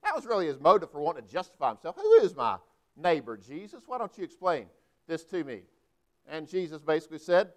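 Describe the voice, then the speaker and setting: A man's voice: high-pitched, big pitch swings, a little fast. A man, a pastor preaching a sermon with emphatic delivery and frequent rhetorical questions. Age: 40s.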